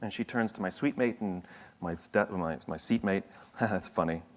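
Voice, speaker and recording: A man's voice: low voice, moderate pace. A man giving a motivational talk, telling a story in a conversational, wry way with asides and self-corrections. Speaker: motivational speaker.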